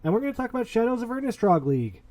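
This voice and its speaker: A man's voice: extremely high pitch, very animated, very fast, dark tone. A man hosting a casual podcast, talking in a boastful, hyped-up, playful way. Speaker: podcast host.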